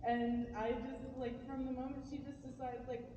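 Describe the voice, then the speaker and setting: Giggly high-voiced fan in an echoey hall. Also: female voice, moderate pace, far from the mic. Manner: excited, giggly, gushing. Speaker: fan asking a question. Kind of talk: audience question at a panel. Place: large convention hall. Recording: dull echoey hall mic with noise.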